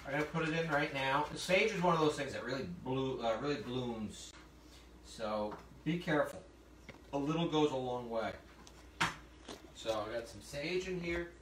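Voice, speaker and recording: In a hot kitchen, a man leads a live cooking demo, chatting and explaining each step to viewers as he works. He speaks at normal speed in a mid-range voice. The sound comes from a phone streaming remotely, so his voice is distant and echoey, with background noise throughout.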